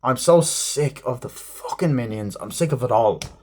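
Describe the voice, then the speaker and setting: A man's voice: mid-range voice, lively intonation, normal speed. A young man giving an exasperated film review, swearing often and filling his talk with "like.". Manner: exasperated, swears a lot, repeats "like". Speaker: movie reviewer.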